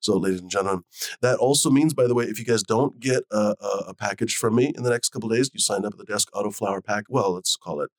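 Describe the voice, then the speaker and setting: A man's voice: lowish voice, quick pace, dry recording. A man hosting a casual livestream, rambling with lots of fillers and casual swearing. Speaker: host. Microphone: desk mic on a live video call.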